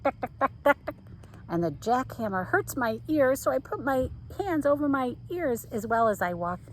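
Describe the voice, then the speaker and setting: Woman teacher, picture-book read-aloud for kids, very animated pitch, playful sound effects. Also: a little hiss or hum, poor audio.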